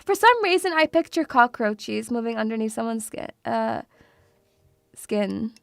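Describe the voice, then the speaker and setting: A woman's voice: fairly high pitch, animated, measured pace, vocal fry, smooth, no room sound. A woman streaming casually to her viewers, chatty and self-mocking, swearing freely and laughing often as she talks through a quiz. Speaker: VTuber streamer. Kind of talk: casual live-stream chat.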